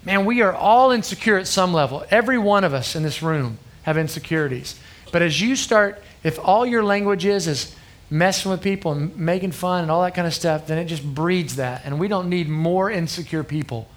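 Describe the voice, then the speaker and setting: A man in his thirties gives a sermon to a youth group, his voice sitting a little high. He speaks earnestly and conversationally, often pausing to check in with the crowd. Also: animated. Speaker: youth pastor.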